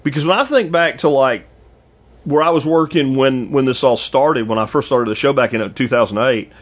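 A man's voice: medium pitch, moderate pace, lo-fi sound. A man in his fifties hosting a podcast, rambling casually through anecdotes with frequent restarts. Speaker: podcast host. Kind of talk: casual monologue.

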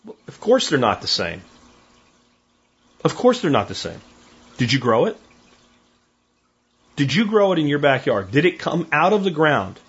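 This dull, lo-fi recording features a middle-aged male podcast host with a fairly high, husky voice who speaks at a moderate pace with long pauses. In a casual monologue, he tells stories with animation and performs the voices of anyone he quotes.

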